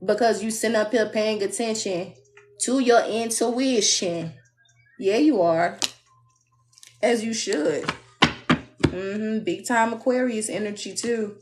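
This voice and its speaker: A young woman giving a live tarot reading in a blunt, sassy, preachy way, mimicking people in a high voice. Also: takes it slowly, long pauses, a little hiss or hum. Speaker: tarot reader.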